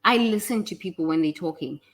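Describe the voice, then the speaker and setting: A woman's voice: lowish voice, animated, brisk. A woman teaching in a casual, motivational way, talking bluntly and animatedly, swearing freely and acting out what other people say.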